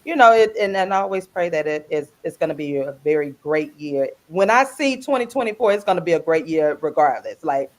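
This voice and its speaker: A woman co-hosting a radio talk show in casual, animated banter, laughing easily and greeting listeners by name. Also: sits low, a little fast, hardly any pauses. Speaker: radio show guest co-host.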